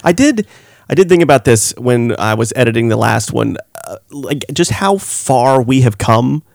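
A man's voice: medium pitch, lively intonation, moderate pace, vocal fry, no echo, studio quality. A young adult man co-hosting a podcast, chatting casually in an easygoing, agreeable and reflective way. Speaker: podcast co-host. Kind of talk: casual chat.

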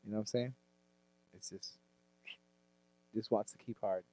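A man's voice: lowish voice, fairly even intonation, moderate pace. Swearing, ranting co-host, man. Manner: loud, swearing rants and laughter. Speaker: fantasy football podcast co-host. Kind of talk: profane casual sports chat.

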